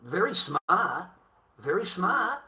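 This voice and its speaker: Middle-aged Australian man, rambling crude rant, bright and forceful voice. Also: high voice, sing-song, slow pace. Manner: crude, swearing, repetitive, keeps saying mate. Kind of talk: casual rant.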